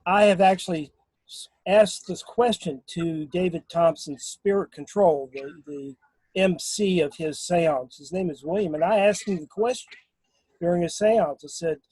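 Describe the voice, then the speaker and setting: A man talking casually in a remote group discussion, halting, with many fillers and restarts. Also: high voice, a little mellow, breathy edge, no room sound, poor audio. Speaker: guest on a paranormal discussion.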